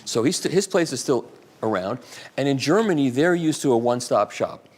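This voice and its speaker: Speaking briskly and expressively at medium pitch, a man in his sixties addresses a radio museum event as an invited speaker. His talk is casual and rambling, full of anecdotes and self-deprecation, and he responds to audience questions.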